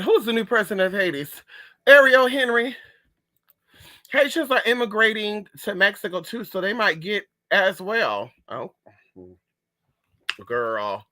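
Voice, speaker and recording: A man hosting a casual livestream, reading chat, sassy and animated, calling viewers honey and girl. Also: high voice.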